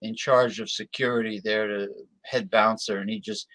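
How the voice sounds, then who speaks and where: Halting, rambling man in casual chat. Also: on the low side, steady tone, fairly bright tone. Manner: rambling, halting, many restarts. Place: at home on a desktop computer. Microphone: desktop computer mic.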